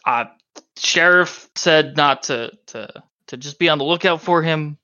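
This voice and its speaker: A man's voice: fairly high pitch, measured pace, pushed and bright, no echo, dull audio. A man voicing a nervous young male small-town deputy in a tabletop game, stammering and flustered but overly polite. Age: late twenties (figure).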